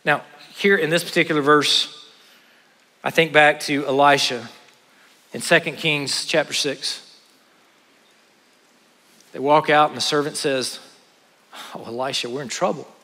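Male preacher, bright and forceful, fairly high voice, dynamic loud-to-hushed delivery, echoing hall. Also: steady tone, measured pace, long pauses. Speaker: pastor. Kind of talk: sermon. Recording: long hall reverb.

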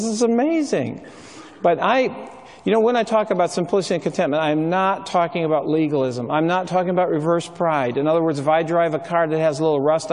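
A man's voice: a little high, darkish tone. A middle-aged man giving a sermon, telling stories in a conversational way with frequent ums and uhs. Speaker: speaker. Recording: long reverb of a large hall.

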